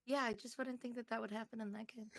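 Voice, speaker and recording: A woman's voice: a little high, steady tone, fast talker, vocal fry. A woman co-hosting a podcast, reacting with sympathy in casual chat.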